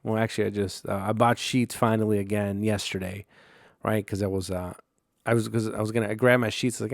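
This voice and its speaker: A man's voice: on the low side, fairly even intonation, fast talker, gravelly, no room sound, clean studio sound. A man hosting a solo podcast, telling stories in a rambling, profane way full of fillers and restarts. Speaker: podcast host.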